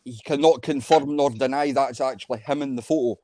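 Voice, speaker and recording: A man's voice: medium pitch, a little fast, mellow. Man reading out stream chat. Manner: plain, reads out chat messages.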